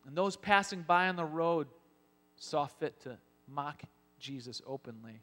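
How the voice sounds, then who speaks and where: A man preaching a sermon as pastor, telling Bible scenes with lively acted-out lines. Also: a little high, unhurried. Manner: animated storytelling, acting out Bible scenes. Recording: long hall reverb.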